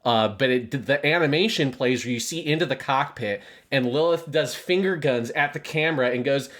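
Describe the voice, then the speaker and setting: A man's voice: medium pitch, normal speed, fairly bright tone. A man co-hosting an anime review podcast in casual chat, rambling with enthusiasm and swearing now and then. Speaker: podcast co-host.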